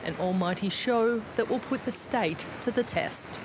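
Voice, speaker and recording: An Australian woman reporter narrating a news package in a steady voice-over. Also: a little high, unhurried, background noise.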